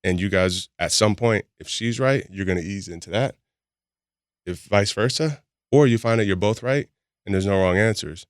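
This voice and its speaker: A man's voice: on the low side, moderate pace, dry recording, clean studio sound. A man guesting on a podcast, telling stories candidly in casual chat and often laughing as he talks. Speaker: podcast guest, boxing gym founder.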